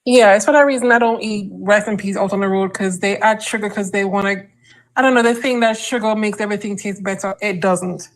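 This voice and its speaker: A woman from Jamaica chatting casually on a live show, unhurried, with fillers. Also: mid-range voice, fairly even intonation. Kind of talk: casual chat on a live stream.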